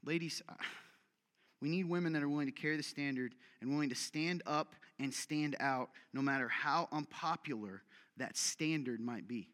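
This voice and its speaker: A man preaching a sermon as pastor, direct and energetic, with rhetorical questions and self-deprecating humor. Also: on the high side, normal speed. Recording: long reverberant hall.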